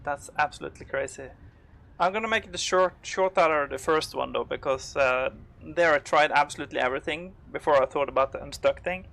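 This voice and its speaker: A man's voice: fairly high pitch, brisk, creaky, fairly bright tone. A man giving live commentary while he plays a game, rambling and full of fillers, swearing when startled. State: panicked, out of breath. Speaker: game streamer.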